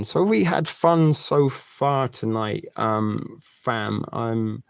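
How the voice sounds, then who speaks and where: A man's voice: lowish voice, drawn-out words, creaky, few pauses, clear, resonant tone, no room sound. A man in his forties hosting a live stream, chatting casually and crudely joking with his viewers. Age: 40s. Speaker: livestream host.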